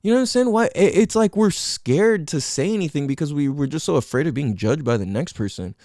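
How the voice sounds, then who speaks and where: A man's voice: on the high side, fairly quick, no echo, clean studio sound. A young man hosting his own podcast, talking casually in slangy, profane speech and acting out friends' lines. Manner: animated, profane, slangy, acts out quotes of friends. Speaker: podcast host. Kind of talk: casual solo podcast monologue.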